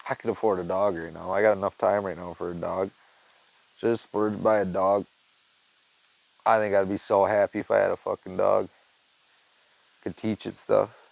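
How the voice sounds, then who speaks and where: A man in his garage talking casually to his viewers, rambling and swearing, and cooing at his cat in a high voice. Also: little pitch movement, moderate pace, creaky, long pauses, a little mellow, low-quality recording. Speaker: vlogger. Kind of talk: casual monologue to camera.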